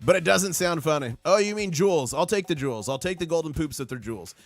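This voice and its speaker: A man hosting a live stream, giving excitable market commentary and reading viewer comments aloud. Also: fairly high pitch, fast talker, soft background music. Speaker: livestream host.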